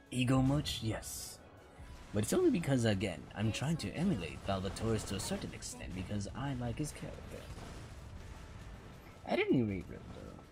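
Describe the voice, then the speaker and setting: Rambling man narrating his game. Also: fairly low pitch. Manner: rambling, repeats "again" often. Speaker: streamer. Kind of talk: casual gameplay commentary.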